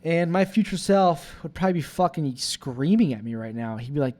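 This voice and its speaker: A man's voice: fairly high pitch, lively intonation, moderate pace, hardly any pauses, darkish tone. Rambling, profane young man. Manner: rambling and profane, with many "like" fillers. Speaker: vlogger. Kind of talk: rambling confessional monologue.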